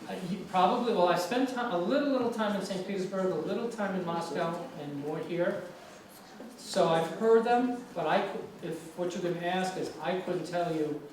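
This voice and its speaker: An older man with a New York accent, a guest lecturer answering student questions in a relaxed, rambling way with fillers and restarts. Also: sits high, normal speed. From New York City. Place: large lecture room. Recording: echoey room, far mic, faint noise.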